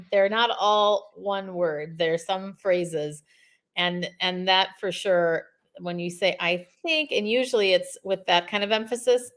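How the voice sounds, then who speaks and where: A woman in her fifties, a communication coach, speaking as a podcast guest in an emphatic, energetic way with spoken examples. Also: mid-range voice. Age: 50s.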